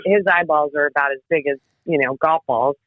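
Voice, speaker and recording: Female guest, lively storyteller who laughs and curses freely, tinny phone-line audio. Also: low-pitched, fairly quick, no echo. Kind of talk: casual storytelling.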